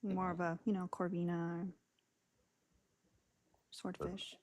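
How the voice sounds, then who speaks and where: A woman co-hosting a casual livestream chat, calm and matter-of-fact. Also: on the low side, slow.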